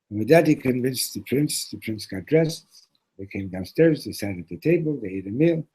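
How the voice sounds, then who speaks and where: A man's voice: medium pitch, lively intonation, normal speed, darkish tone, slightly rough, low-quality recording. A man teaching a religious lesson through a parable, loose and conversational with restarts and Hebrew terms. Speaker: Torah teacher. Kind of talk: storytelling lesson.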